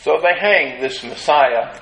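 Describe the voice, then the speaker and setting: A man preaching a sermon, retelling a scene dramatically and acting out the crowd's shouts. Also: a little high, animated, vocal fry, slight background noise, low-quality recording. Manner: slow, drawn-out delivery with long pauses.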